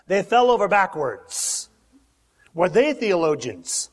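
Slow, dramatic preacher man in a hall. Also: sing-song. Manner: dramatic, acts out quotes with big pitch swings. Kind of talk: sermon. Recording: long hall reverb.

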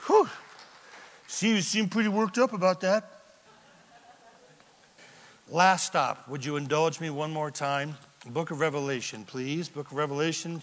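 A man pastor delivering a dramatic sermon in a church, acting out scenes as he preaches. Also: high-pitched. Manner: animated and dramatic, acts out scenes. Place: church sanctuary. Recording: reverberant church hall.

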